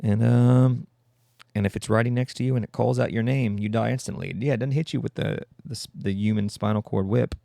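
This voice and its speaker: Guy with a low gravelly voice rambling thru a comedy podcast bit, cursing a lot, dark mellow tone, dry close sound. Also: fairly even intonation, brisk, dry recording. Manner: riffing, self-interrupting, profane. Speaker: podcast host.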